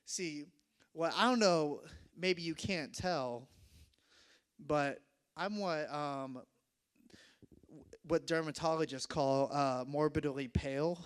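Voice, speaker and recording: A young man telling a self-mocking story to an audience, animated and laughing often. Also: a little high, slow pace, long pauses, clear, resonant tone.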